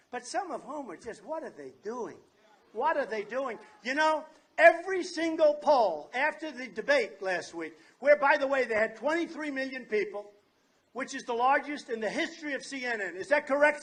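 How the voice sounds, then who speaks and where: A man giving a campaign rally speech at an outdoor fair, boastful and repetitive, often shouting his points. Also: very high-pitched. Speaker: political candidate.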